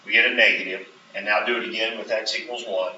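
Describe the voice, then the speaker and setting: A man's voice: lowish voice, steady tone, quick pace, bright, forceful tone, a little hiss or hum. A male math teacher lecturing a classroom, explaining step by step and often checking in with "right?". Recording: roomy, distant, dull classroom recording.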